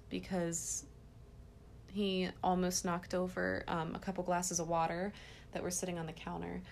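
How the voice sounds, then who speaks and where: A woman in her thirties talks casually on her parenting podcast, with a slightly low voice. She tells stories in an earnest, gentle way, and a faint noise sits under her speech. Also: level tone, unhurried.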